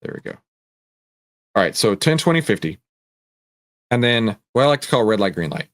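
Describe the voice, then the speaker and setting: A man with a low voice hosts a live question-and-answer session, talking through charts as he works. He sounds dry and close to the mic, with no room echo. He speaks casually, repeats phrases and restarts his sentences. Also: big pitch swings, normal speed. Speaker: trading show host. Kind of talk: live Q&A with screen-share chart walkthrough.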